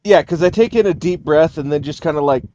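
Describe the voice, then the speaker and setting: A man narrating as game master in a tabletop game, explaining things haltingly with many fillers. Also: fairly high pitch, warm tone, highs cut off, a little hiss or hum.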